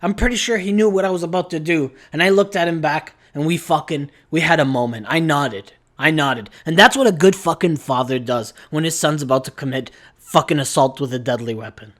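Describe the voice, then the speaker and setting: A man's voice: fairly high pitch, fairly quick, a bit bright. A young man hosting a comedy video, ranting in a brash, crude, mock-boastful way. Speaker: comedy vlogger. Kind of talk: profane comedic rant.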